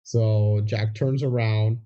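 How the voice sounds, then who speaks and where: A male podcast co-host recaps a movie scene by scene in casual chat, acting out the characters' lines. His lowish voice is steady, slow and mellow, with a lo-fi sound.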